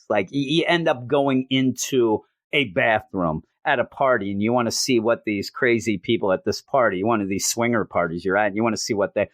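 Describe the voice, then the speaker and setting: Male comic show host, casual recap, wry asides, mid-pitched voice, dry close sound. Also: no echo.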